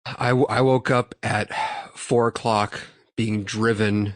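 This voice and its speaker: A man's voice: on the low side, fairly even intonation, slow, dry recording, clean studio sound. A young man hosting a podcast, telling a rambling, profanity-laced story and laughing as he goes. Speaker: podcast host. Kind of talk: casual chat.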